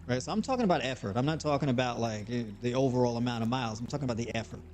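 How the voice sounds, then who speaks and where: A man hosting a live online show, talking casually and motivationally with frequent repeats and animated bursts. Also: mid-range voice, rapid-fire, slight background noise. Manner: conversational, repeats words, rising to animated bursts.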